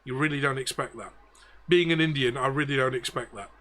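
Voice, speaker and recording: A man's voice: mid-range voice, brisk, a bit bright. A man talking as game master, chatting casually out of game and explaining things in a rambling way.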